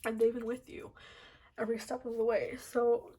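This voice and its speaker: A woman giving a casual pick-a-card tarot reading, soft and rambling with many fillers, teary and choked up. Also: a little high, flat delivery, normal speed, slightly rough. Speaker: tarot reader.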